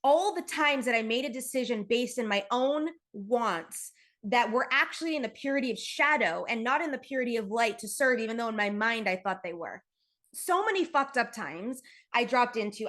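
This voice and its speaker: A woman's voice: fairly high pitch, fairly bright tone. A woman hosting a solo podcast, telling a personal story candidly and emphatically, swearing freely and speaking straight to her listeners. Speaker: podcast host.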